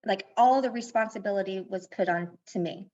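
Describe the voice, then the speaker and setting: A woman's voice: medium pitch, brisk, dark tone. A woman life coach being interviewed on a podcast, explaining things earnestly and mixing advice with personal stories. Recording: dull lo-fi sound.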